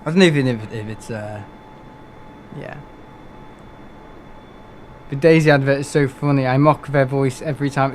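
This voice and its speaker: A man's voice: medium pitch, fairly even intonation, moderate pace, long pauses, a little hiss or hum. A young man, chatting casually and rambling through a live gaming stream, laughing often and poking fun at himself.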